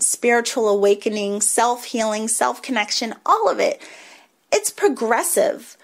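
A woman hosting a spiritual podcast, talking in a casual, rambling and reflective way, with small laughs and restarts. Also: a little high. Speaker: podcast host, reiki teacher.

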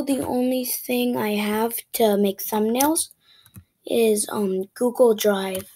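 Gravelly-voiced woman ranting over gameplay. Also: on the high side, takes it slowly, slight background noise. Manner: frustrated, excitable, talks to the game character; drops into whispered asides. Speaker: gaming video creator. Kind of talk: casual gameplay commentary.

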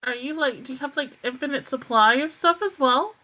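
A woman chats through an anime reaction with a bright, clear voice pitched a little high. She swears casually, laughs often, and gets animated as she reacts. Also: fairly quick.

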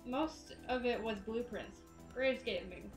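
A woman's voice: a little high, a little slow, echoey room, soft background music, voice pushed down, lightly acted, poor audio. A woman voicing a bashful, flustered young male designer from a game. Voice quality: bashful, giggly delivery. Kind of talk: reading game dialogue aloud.

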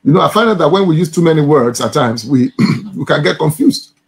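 A man's voice: a little high, lively intonation, brisk, vocal fry. A male church minister teaching from the Bible, stressing points by repeating phrases and now and then addressing someone as sir.

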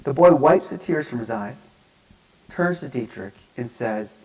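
A man giving a lecture, telling stories in an animated, self-mocking way that swings between hushed and loud. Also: medium pitch, measured pace, rough recording. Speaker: speaker at a divinity school lecture. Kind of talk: storytelling lecture. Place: lecture hall.

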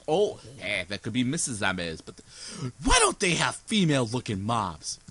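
Young male gaming host, sleepy and goofy, rambles slowly in a bright voice. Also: medium pitch, huge pitch swings, breathy edge. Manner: goofy, rambling, sings snippets and silly voices. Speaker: gaming YouTuber. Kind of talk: let's play commentary.

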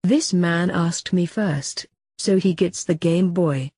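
A man voicing a fed-up woman selling at a car boot sale, scolding in an exasperated, high put-on voice. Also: slow, a little mellow, breathy edge, no echo, clean studio sound, heavily acted. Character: fed-up female stall seller at a car boot.

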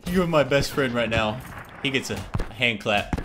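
A man with a Texan accent giving excitable live commentary over his gameplay and talking back to the game. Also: mid-range voice, unhurried, slight background noise. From Texas. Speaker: gaming vlogger.

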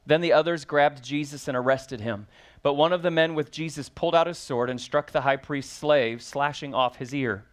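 A man's voice: a little high, moderate pace, hardly any pauses, clean tone. Man preaching a sermon. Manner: reads scripture then preaches with rising emphasis, asks the congregation questions. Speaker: pastor.

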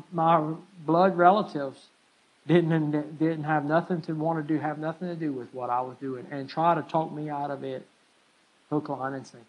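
A man pastor preaching a sermon in a church, emphatic and stirring, calling out "amen" to the congregation again and again, swinging from soft, low lines to loud, raised ones. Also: breathy edge, muffled recording. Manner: emphatic preaching with frequent call-outs of "amen"; pitch and loudness rise and fall widely between lines.

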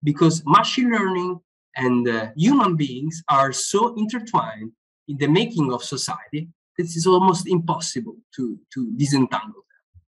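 A man's voice: fairly high pitch, animated, normal speed, fairly bright tone, husky, low-quality recording. A man, an author explaining his ideas in a live online discussion, often repeating words as he searches for phrasing. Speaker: author being interviewed.

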